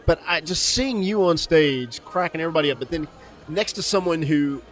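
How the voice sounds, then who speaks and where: A man co-hosting an interview, telling an animated story with frequent laughter. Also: on the high side, a little fast, faint music behind. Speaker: co-host. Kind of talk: casual interview chat.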